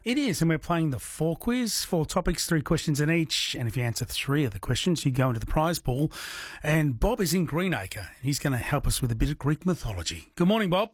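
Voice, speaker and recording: A man hosting a late-night radio quiz, chatty and quick to laugh with callers. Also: on the high side, big pitch swings, husky, dry recording. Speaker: radio host.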